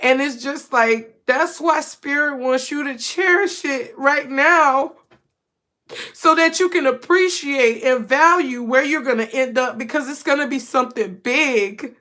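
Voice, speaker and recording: A woman's voice: sits high, unhurried, bright, forceful tone. Emotional woman giving a spiritual reading. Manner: emotional, repetitive, addresses viewers as y'all. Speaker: tarot reader. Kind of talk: casual spiritual reading to camera.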